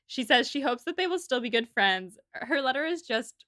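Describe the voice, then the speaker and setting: A woman's voice: sits high, expressive, moderate pace, pushed and bright, no echo, studio quality. A woman co-hosting a casual book podcast, chatty and playful as she reads quotes aloud in an apartment. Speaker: podcast co-host. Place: apartment room in a city.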